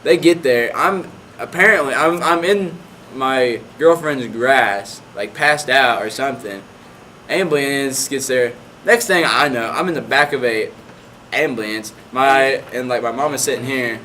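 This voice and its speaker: A man's voice: mid-range voice, a little slow, pushed and bright, a little hiss or hum, low-quality recording. A young man in his late teens casually telling a personal story, rambling and filling his talk with "like". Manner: rambling, heavy on "like" fillers. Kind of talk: casual anecdote.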